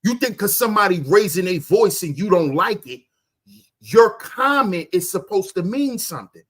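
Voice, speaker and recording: A man hosting a livestream, ranting loudly and crudely at his chat, firing off rhetorical questions and answering them himself. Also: sits high, big pitch swings, normal speed, husky. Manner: loud, confrontational, profane, often shouting. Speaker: livestream host. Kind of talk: ranting commentary to live chat.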